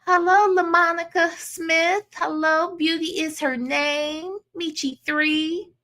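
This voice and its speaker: A woman's voice: extremely high pitch, fairly even intonation, slow pace, few pauses, sharp tone. A woman hosting a casual livestream, chatting and greeting viewers by name. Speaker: livestream host.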